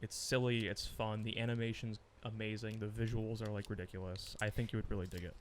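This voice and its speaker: A man co-hosting a podcast in casual chat, animated, laughing often and swearing freely. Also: on the low side, a little fast, slight background noise. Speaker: podcast co-host.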